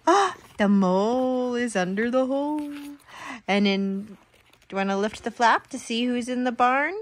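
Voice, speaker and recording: A mother reading a picture book aloud to her toddler in an animated, sing-song way, with gasps, exclamations and animal sounds. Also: on the high side, a little slow.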